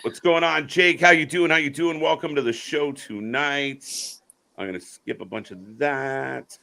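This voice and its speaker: Bright-voiced excitable man co-hosting a stream. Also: mid-range voice, a little slow, vocal fry. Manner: excitable, swears casually, greets chat viewers. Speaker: live stream co-host. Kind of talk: casual wrestling watch-along chat.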